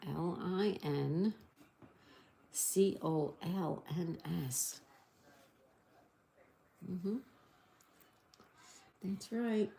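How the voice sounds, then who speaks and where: Slow, mellow-voiced woman streamer. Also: on the low side, gravelly. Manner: slow, spells answers letter by letter and reads out viewer comments. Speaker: live-stream host. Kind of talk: casual live-stream chat.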